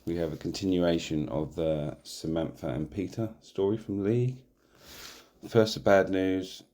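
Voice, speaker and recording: Very deep-voiced man reading deadpan. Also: measured pace. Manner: deadpan reading with stumbles and laughs. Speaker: narrator and host. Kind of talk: comic erotic story reading.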